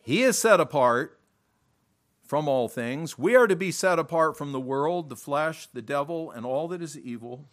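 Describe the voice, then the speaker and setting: A man preaching a sermon, slow and emphatic, often repeating words and clearing his throat. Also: fairly high pitch, expressive.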